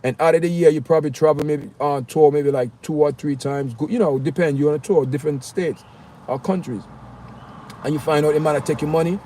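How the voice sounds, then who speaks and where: A man chatting casually with his livestream viewers, animated and talking straight to the chat, outdoors on a windy street. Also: a little high, a little fast. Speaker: livestream host. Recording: faint outdoor street noise.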